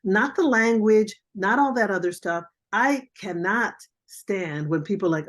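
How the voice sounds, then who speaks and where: A woman's voice: mid-range voice, animated, a little slow, few pauses. An older woman, a veteran journalist, giving blunt, emphatic career advice as a guest on an online mentoring interview over a video call.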